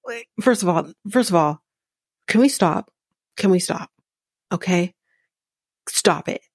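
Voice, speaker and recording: A woman's voice: lowish voice, lively intonation, measured pace, slightly rough, no echo. A woman from Jamaica hosting a podcast, giving blunt, sarcastic casual commentary and swearing freely. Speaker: podcast host recapping a reality show.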